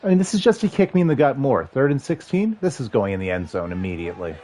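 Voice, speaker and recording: Excitable man calling a football video game. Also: mid-range voice, fast talker, slight background noise. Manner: chatty, excitable, rambling asides. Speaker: livestream gamer and commentator. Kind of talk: casual play-by-play chat with chat.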